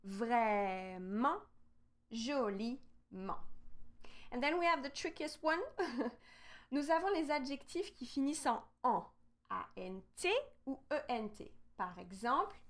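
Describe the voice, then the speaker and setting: French-accented woman teaching brightly. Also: sits high. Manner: lively, spells words out letter by letter. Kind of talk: live online language lesson.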